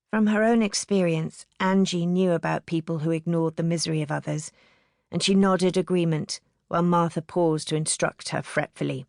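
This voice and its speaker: A woman narrating an audiobook in a measured storytelling manner. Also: fairly low pitch, vocal fry, no room sound, clean studio sound.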